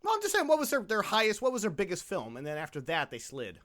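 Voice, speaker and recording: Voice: mid-range voice, huge pitch swings, fast, a bit bright. A podcast host running a comedy movie-review show, laughing often and upbeat. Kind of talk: casual comedy podcast hosting.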